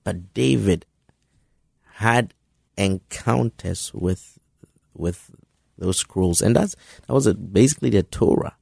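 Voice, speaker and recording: A man delivers a sermon in a deep, gravelly voice at an unhurried pace. He is earnest and encouraging, often halting and repeating words before pushing on. The sound is dry and close. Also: a little mellow, no echo. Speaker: preacher.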